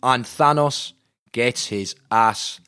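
A man co-hosting a casual film recap, excitable, swearing freely and quoting lines. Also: mid-range voice, slow pace, clean tone. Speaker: podcast co-host.

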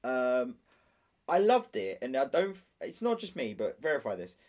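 A man's voice: medium pitch, normal speed. A young man co-hosting a podcast, joking around in casual chat and cursing for punchlines. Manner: animated, jokey, swears for punchlines. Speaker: podcast co-host.

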